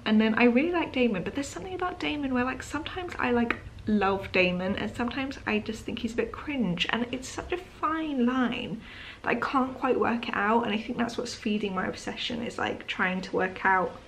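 In the evening at home, a woman vlogs to her camera, sleepy and yawning yet animated, chatting in a rambling, apologetic way packed with "um"s and "like"s. Her voice is a little high and fairly bright, at a moderate pace, with a little hiss or hum.

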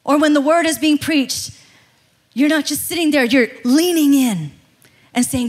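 A woman pastor in her thirties preaching a sermon in an animated, conversational way, laughing often. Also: high voice, moderate pace.

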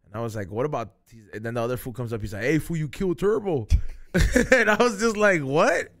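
A man's voice: mid-range voice, big pitch swings, fast, a bit bright. A young man hosting a podcast, telling a loose, profane story in casual chat, full of slang and dropping Spanish phrases. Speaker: podcast host.

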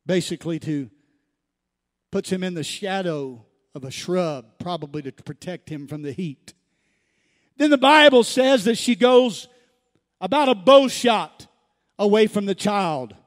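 High-voiced preaching pastor, slow, in a reverberant hall. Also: male voice. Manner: calls to the congregation, builds to shouts. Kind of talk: sermon. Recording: church hall with long reverb.

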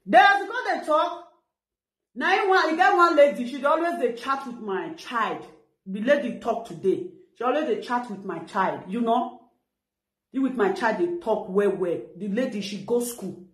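Woman, middle-aged, Nigerian Pidgin English accent, animated ranting, live-stream chat, roomy echo. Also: fairly high pitch, normal speed. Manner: animated, ranting, retells what others said. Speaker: vlogger on a live video. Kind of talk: casual live-stream talk.

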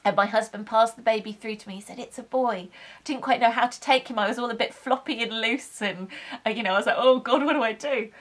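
Earnest woman with a higher voice. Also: quick pace. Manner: earnest, gentle, spiritual. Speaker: vlogger telling her birth story. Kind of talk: heartfelt personal storytelling.

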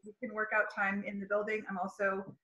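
A woman's voice: mid-range voice, completely flat delivery, a little fast, bright, forceful tone, roomy sound, poor audio. A woman school counselor talking casually about her work in an interview, friendly and chatty. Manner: friendly, chatty, laughs easily.

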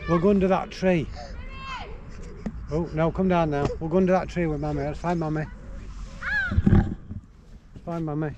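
A man's voice: fairly high pitch, fairly even intonation, brisk, long pauses, highs cut off. A man talking to his young daughter outdoors in a park, playful and coaxing. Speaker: father. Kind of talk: casual family chat. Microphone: 360 camera. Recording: outdoor background noise.

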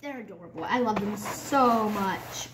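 A woman's voice: mid-range voice, lively intonation, a little slow. A young woman vlogging casually at home while cleaning a rabbit cage, rambling and playfully scolding her pets. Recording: loud background noise.

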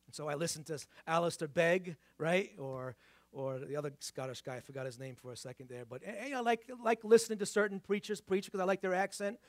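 A male pastor with an accent that mixes New York and Boston, preaching conversationally in a church. He slows down for emphasis and puts rhetorical questions to the congregation. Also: fairly high pitch, no echo. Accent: mix of New York and Boston. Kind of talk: sermon. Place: church sanctuary.

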